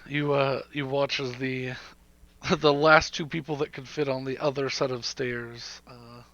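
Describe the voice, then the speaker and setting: A man narrating a tabletop game as game master, halting and filling pauses with fillers and laughs. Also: medium pitch, little pitch movement, fairly bright tone, no echo, muffled recording.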